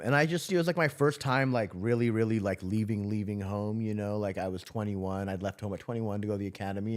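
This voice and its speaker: Low-voiced man telling a loose, profane story. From Southern California. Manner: loose, profane, heavy on filler words. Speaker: podcast guest, former correctional officer. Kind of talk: casual storytelling interview.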